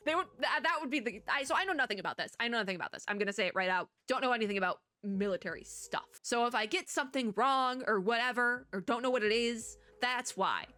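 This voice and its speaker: A woman's voice: a little high, pushed and bright, no echo. A woman with a strained throat reading a story game aloud and rambling through casual commentary with frequent laughs. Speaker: streamer playing a story game.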